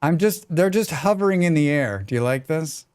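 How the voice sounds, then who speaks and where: A man's voice: a little high, animated, moderate pace, darkish tone, clean tone. An American man chatting casually and joking with his chat while he plays a survival game on a live stream.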